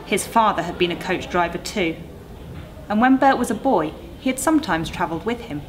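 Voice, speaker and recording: A woman on a school staff reading a ghost story aloud in a measured, suspenseful way. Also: on the low side, lively intonation. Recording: noisy recording.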